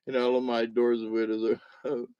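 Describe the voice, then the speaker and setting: A man's voice: medium pitch, warm tone, clear, resonant tone, no echo, highs cut off. A middle-aged man chatting casually on a livestream, joking, giggling often and slipping into funny voices. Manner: giggly, jokey, drops into put-on voices. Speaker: livestream host and puppeteer. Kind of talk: rambling casual livestream chat.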